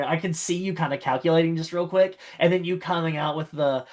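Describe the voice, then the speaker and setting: A man's voice: on the high side, fairly even intonation, brisk, hardly any pauses. A man chatting casually as a tabletop game player, rambling through compliments with lots of fillers and restarts. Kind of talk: casual post-game feedback chat.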